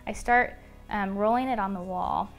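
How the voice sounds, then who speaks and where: Young woman rambling through a story, lots of ums and likes, soft music behind. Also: mid-range voice, moderate pace. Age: young adult. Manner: chatty, many fillers like "um" and "like". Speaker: interview guest. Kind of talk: casual personal storytelling.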